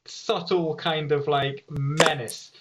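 A man's voice: on the high side, steady tone, takes it slowly, a loud crowd. A man in casual podcast chat, hesitant, with many ums and likes. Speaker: podcast co-host.

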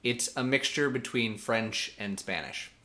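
A man's voice: mid-range voice, measured pace, pushed and bright. A man co-hosting a podcast, casually recapping a reality show, joking, laughing often and acting out scenes. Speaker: podcast co-host.

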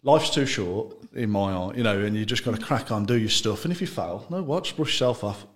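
Chatty man, lowish voice. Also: lively intonation, fairly quick. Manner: chatty, loose, laughs often, trails off mid-sentence. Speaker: gin brand founder, guest. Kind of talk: casual interview chat.

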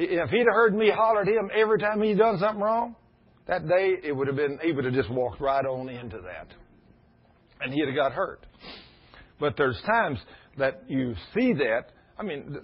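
A middle-aged man preaching a sermon in a folksy storytelling way, now and then rising to loud emphasis. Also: a little high, husky. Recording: muffled lo-fi sound.

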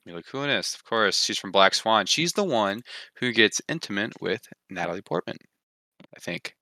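A man's voice: lowish voice, sing-song, normal speed, pushed and bright, dry recording. A man co-hosting a podcast, talking in a casual, jokey, blunt way among friends and laughing often. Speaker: podcast co-host. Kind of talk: casual group chat.

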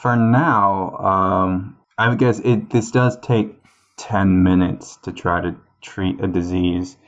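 A man's voice: low voice, fairly even intonation, slow, muffled recording. A man playing a tabletop game, laid-back and checking the rules. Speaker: player. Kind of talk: casual tabletop play.

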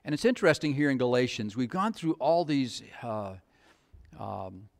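A man's voice: mid-range voice, big pitch swings, normal speed, vocal fry. A middle-aged male pastor preaching a sermon, asking the congregation rhetorical questions in a conversational way.

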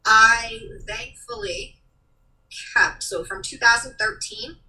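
A woman hosting a casual podcast conversation, who talks earnestly and animatedly in quick rushes. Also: a little high, fairly even intonation, sharp tone. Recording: voice a bit distant from the mic.

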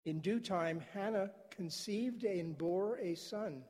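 High, mellow man reading scripture. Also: slow pace. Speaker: scripture reader. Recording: long church hall reverb.

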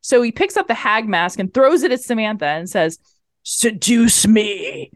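A woman's voice: a little high, a little fast, dry recording. Chatty woman podcaster, dry sound. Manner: animated retelling with acted-out quotes and swearing. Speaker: podcast co-host. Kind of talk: casual chat.

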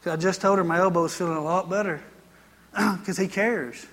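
A man's voice: high voice, fairly even intonation, normal speed, fairly bright tone, long reverb tail. A male pastor preaching a sermon in a folksy, chatty storytelling way, full of asides.

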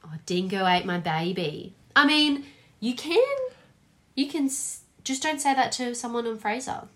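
An Australian woman co-hosting a casual podcast chat, animated and acting out quotes, swearing casually. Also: on the high side, measured pace. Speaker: podcast co-host.

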